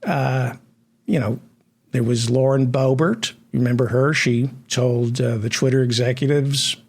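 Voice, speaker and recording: A man hosting a satirical comedy news show, delivering sardonic, deadpan asides. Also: medium pitch, a little slow, husky.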